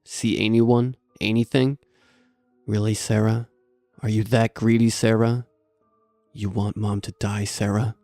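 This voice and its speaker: A man doing a slow, coaxing axe killer. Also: lowish voice, little pitch movement, creaky, warm tone, dry recording, faint music behind. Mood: taunting. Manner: slow, falsely soothing taunts. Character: menacing male axe killer, coaxing and cruel.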